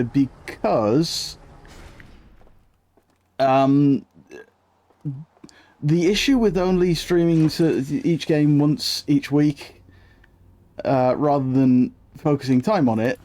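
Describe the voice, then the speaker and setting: A man's voice: medium pitch, slow pace, pauses often, a little mellow. Rambling man streaming a game. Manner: rambling, scatterbrained, greets chat often. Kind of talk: live-stream gameplay chat.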